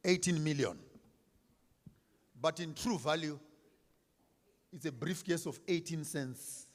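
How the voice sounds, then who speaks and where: A man giving an impassioned speech at an event, declaiming with repeated lines and swinging from hushed to shouted. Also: fairly high pitch, takes it slowly. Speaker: speaker at a commemorative event. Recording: reverberant hall.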